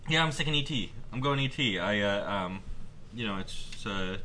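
A man in his thirties chatting casually on a podcast, pausing often with fillers and restarting his sentences. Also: fairly low pitch, animated, pushed and bright, a little hiss or hum. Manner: halting, many fillers and restarts. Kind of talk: casual chat.

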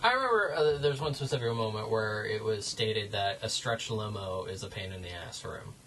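A man's voice: lowish voice, expressive, a little fast, fairly bright tone, a little hiss or hum, rough recording. A man in a casual chat, offhand and sweary, often stopping and restarting.

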